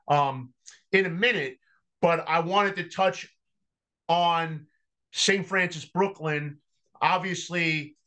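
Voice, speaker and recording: A man speaking as a guest on a sports podcast, measured and full of ums as he explains things. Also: a little high, bright, forceful tone. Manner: slow, measured delivery with frequent ums. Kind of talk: casual podcast interview.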